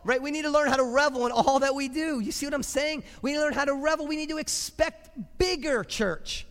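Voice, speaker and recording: High-voiced preacher, emphatic, church reverb. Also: male voice, expressive, fast talker, hardly any pauses. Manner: emphatic, repeats phrases, breaks into shouted cheers. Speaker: pastor. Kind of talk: sermon. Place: church sanctuary. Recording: long reverb of a church hall.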